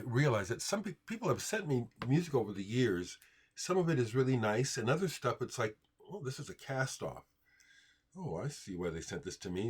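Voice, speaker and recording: A man with a low-pitched, somewhat husky voice hosts a casual livestream. He rambles easily between topics and talks straight back to his viewers' comments. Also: darkish tone. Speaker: livestream host showing records.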